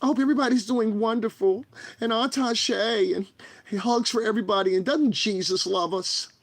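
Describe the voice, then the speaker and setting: A man putting on a soft, gushing, overly sweet falsetto voice to mock a sugary speaker on his livestream. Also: normal speed, no echo. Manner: sing-song, gushing, high falsetto.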